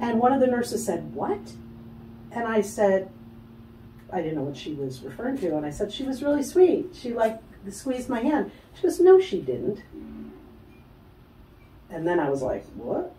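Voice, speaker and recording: A woman telling a personal story as a guest in an interview, animated, acting out the voices of other people and laughing often. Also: a little high, echoey room, far from the mic, a little hiss or hum, low-quality recording. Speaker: guest, spiritual healer.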